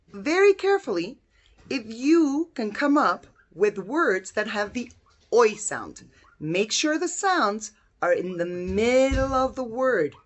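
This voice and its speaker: A woman teaches a phonics lesson to young children at a very slow, deliberate pace. Her pitch moves up and down expressively as she sounds out letters one by one. She praises her pupils warmly between sounds. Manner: encouraging praise.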